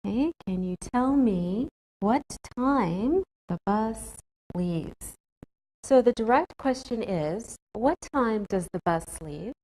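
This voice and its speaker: Slow, carefully spoken woman teacher. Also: a little high, expressive, dark tone, rough recording. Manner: slow, careful, clearly enunciated. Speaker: English teacher. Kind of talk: scripted classroom lesson.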